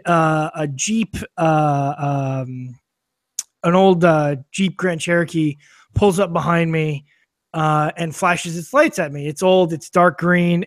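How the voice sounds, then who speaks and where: A man's voice: fairly high pitch, dry recording, studio quality. A man telling a long anecdote on a casual podcast, with lots of fillers, restarts and swearing, laughing as he goes. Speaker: podcast guest or co-host. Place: studio filmed for video.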